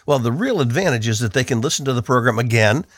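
A man's voice: medium pitch, animated, fast, no room sound, clean studio sound. A man from the northeastern United States giving an earnest, emphatic devotional Bible teaching on the radio.

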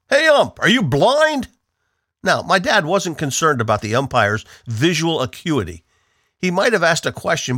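A man's voice: medium pitch, fairly bright tone, no room sound, clean studio sound. A man from the northeastern United States giving an earnest, emphatic devotional Bible teaching on the radio.

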